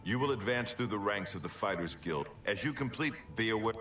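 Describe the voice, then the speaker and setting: An actor playing a stern male fighters guild chapter head in a video game, speaking in a gruff, businesslike way. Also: fairly low pitch, lively intonation, a little fast, a bit bright. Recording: roomy, distant game audio with music.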